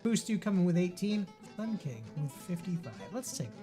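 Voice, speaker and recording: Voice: mid-range voice, very animated, normal speed, over loud music. A playful, theatrical host running comedic game show banter. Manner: playful, theatrical, lots of fillers.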